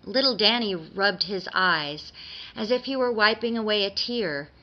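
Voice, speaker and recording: A woman narrating a dark fairy-tale story as a steady reader, on slightly dull audio. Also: medium pitch, a little slow.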